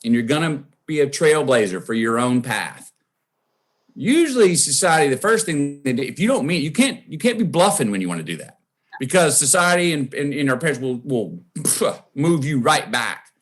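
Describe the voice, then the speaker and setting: A man's voice: mid-range voice, very animated, normal speed. A man with a Texan accent, a podcast guest telling a personal story and acting out the voices he quotes.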